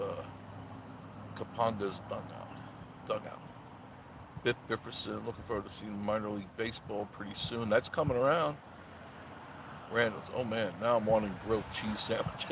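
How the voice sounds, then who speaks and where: Male live-stream host in a parked car, mid-range voice, loud and mocking, light background hum. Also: mid-range voice. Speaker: live-stream host reading viewer comments. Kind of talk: casual live-stream chat.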